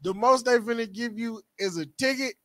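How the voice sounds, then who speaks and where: A man with a notably high voice riffs bluntly and profanely as a comedy podcast co-host. His voice is recorded dry and close, with no room echo. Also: moderate pace, sharp tone. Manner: blunt, joking, profane riffing. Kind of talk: crude comedic podcast chat.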